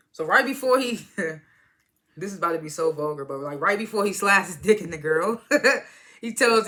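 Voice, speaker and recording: Bright-voiced casual episode recapper. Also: mid-range voice. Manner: retells scenes with "he was like" quotes, swears casually; chuckles through the retelling. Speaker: TV episode reviewer.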